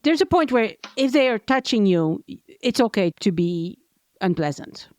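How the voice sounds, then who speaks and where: A woman hosting a casual podcast interview, chatty and quick to laugh as she tells anecdotes. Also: mid-range voice, sing-song, a little mellow, dry recording. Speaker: podcast host.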